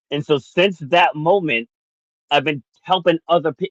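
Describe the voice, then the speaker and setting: A man co-hosting a podcast, telling a personal story in an animated way, laughing often. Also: a little high, unhurried, dry recording, highs cut off. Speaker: podcast co-host.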